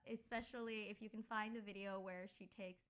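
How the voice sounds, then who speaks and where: A young woman co-hosting a podcast in casual chat, talking in quick tangents full of fillers. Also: mid-range voice, fairly even intonation, fairly bright tone. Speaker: podcast co-host.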